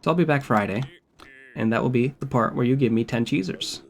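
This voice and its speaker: A man's voice: medium pitch, brisk, creaky, lightly acted. A man voicing a crude, threatening male drug-dealing villain from a game. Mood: menacing.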